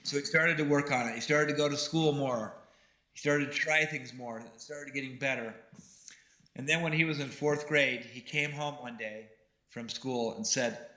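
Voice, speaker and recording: A man's voice: medium pitch, moderate pace, pushed and bright. A man giving a keynote speech and telling a personal story in an earnest way. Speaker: keynote speaker. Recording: roomy hall echo.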